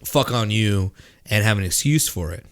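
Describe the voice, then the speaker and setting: Um homem, coapresentador de um podcast, comenta com franqueza e piadas num bate-papo descontraído. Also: male voice, on the low side, lively intonation, normal speed. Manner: blunt, joking, profane. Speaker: podcast co-host. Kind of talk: casual podcast chat.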